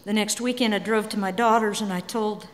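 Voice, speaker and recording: A middle-aged woman giving a candid, emotional personal talk on stage, swinging between quiet and emphatic. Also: mid-range voice, steady tone, fairly quick. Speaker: speaker. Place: large hall. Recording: long hall reverb.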